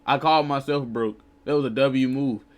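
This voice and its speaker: A man's voice: mid-range voice, fairly even intonation, moderate pace. A man casually commenting live on a video, talking in a loose, rambling, self-interrupting way. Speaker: streamer reacting to a video.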